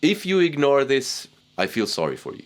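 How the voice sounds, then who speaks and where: A man teaching guitar technique in a casual, relaxed way, poking fun at himself. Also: medium pitch, normal speed. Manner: relaxed, self-deprecating, chuckles at himself. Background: guitar playing.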